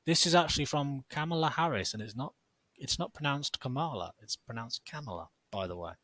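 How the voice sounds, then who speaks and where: A man's voice: medium pitch, sing-song, a little fast, a bit bright, no echo. A man co-hosting a casual podcast, joking sarcastically and reading posts aloud. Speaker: podcast co-host.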